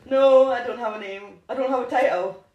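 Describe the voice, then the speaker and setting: A woman's voice: a little high, fairly quick, highs cut off. A woman co-hosting a podcast in casual chat, rambling and laughing at herself. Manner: giggly, rambling, self-mocking. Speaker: podcast co-host. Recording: echoey room.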